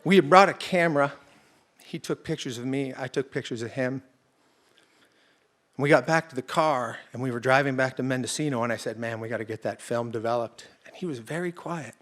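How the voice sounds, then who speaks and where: A man's voice: mid-range voice, fairly quick, fairly bright tone. A man telling a true personal story on stage in a conversational, vivid present-tense way. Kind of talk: live first-person storytelling.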